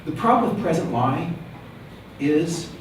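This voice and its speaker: A man lecturing as a rabbi to students, animated and joking, firing rhetorical questions at the room. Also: on the high side, measured pace. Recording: very echoey room, mic at a distance, faint background hum.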